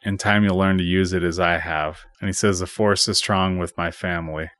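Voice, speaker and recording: A man with a deep, low voice casually recaps a movie, quoting the dialogue without acting it out. His voice sounds dry and close, with no room echo. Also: moderate pace. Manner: retells scenes, quoting dialogue flatly. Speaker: podcast host.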